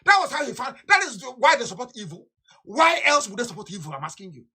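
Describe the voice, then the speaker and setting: A man giving an impassioned political broadcast, fiery and scornful, repeating himself and bursting into shouts. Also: very high-pitched, very animated, quick pace, breathy edge. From Nigeria. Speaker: activist leader.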